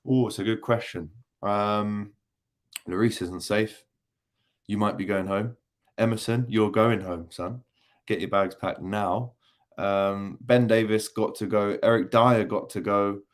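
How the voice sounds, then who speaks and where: A young man hosts a relaxed post-match livestream, reading viewer comments aloud. He talks in a loose, teasing way, full of ums and asides. His voice sits a little low. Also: measured pace. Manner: chatty and jokey, many ums, teasing banter. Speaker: football channel host reading live chat.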